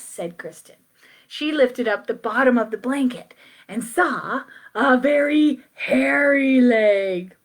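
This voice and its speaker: Woman, storybook read-aloud, high-pitched, slow, playful, expressive. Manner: playful, expressive, asides to listeners. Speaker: children's story reader. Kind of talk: reading a picture book aloud.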